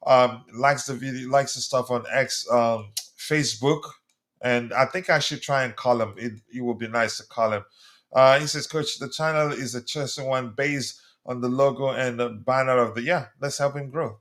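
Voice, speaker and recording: A man's voice: medium pitch, a bit bright. A man from South Africa hosting a live football debate stream, chatty, reading viewer comments aloud and answering them; his first language is not English. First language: a South African language other than English. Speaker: livestream host.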